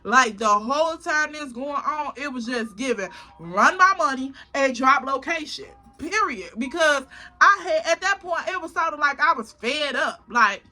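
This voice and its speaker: High, bright-voiced woman telling a story. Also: normal speed, soft background music. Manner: animated, profane, dramatic retelling. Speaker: vlogger. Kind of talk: casual storytime.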